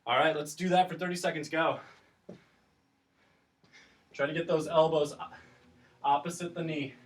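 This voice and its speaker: Male teacher, somewhat high voice, kid-friendly workout instructor, slightly out of breath, distant mic. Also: steady tone, moderate pace. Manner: encouraging, counts down reps, explains as he exercises. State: breathing heavier from exercise. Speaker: teacher leading a class workout. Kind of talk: instructional exercise video.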